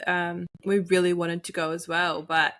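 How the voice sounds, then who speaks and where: A woman co-hosting a podcast in casual chat, telling lively anecdotes and slipping into other people's voices. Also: fairly low pitch, normal speed. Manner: lively storyteller, acts out others in her anecdotes. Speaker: podcast co-host.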